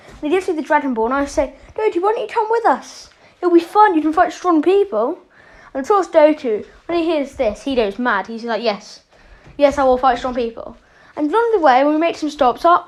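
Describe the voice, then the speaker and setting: Casual storyteller, woman with a high voice, loose and rambling, lots of fillers. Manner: rambling, with many fillers and self-corrections. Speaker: channel host.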